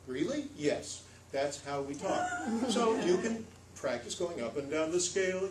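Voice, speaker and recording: An American man giving a lively, demonstrative storytelling workshop to a live audience, playing with pitch and pace. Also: normal speed, hardly any pauses, slight background noise. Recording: echoey room, voice from far off.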